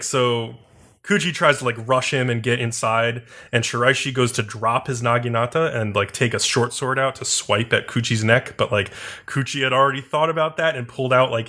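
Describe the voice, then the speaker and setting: A man's voice: mid-range voice, pushed and bright. A man casually recapping an anime episode on a podcast, rambling with lots of fillers. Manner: rambling, heavy use of "like" and fillers. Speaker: podcast co-host.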